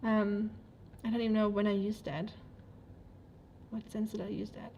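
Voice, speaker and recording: A woman's voice: mid-range voice, flat delivery, moderate pace, warm tone, lo-fi sound, a little hiss or hum. A woman with a German accent, a native German speaker, chatting casually on a livestream, rambling with many fillers and frequent laughs. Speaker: livestreamer reading chat.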